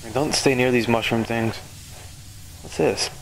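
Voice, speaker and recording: A man's voice: mid-range voice, a little slow, vocal fry. A young man giving casual gameplay commentary in a crude, joking way, with plenty of swearing. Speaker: let's play gamer.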